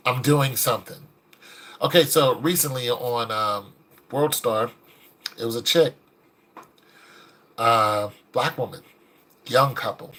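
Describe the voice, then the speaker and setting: A man's voice: medium pitch, slow, long pauses. A man giving casual, preachy commentary, acting out the people in the stories he tells. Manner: animated, preachy, acts out quoted people. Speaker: video commentator.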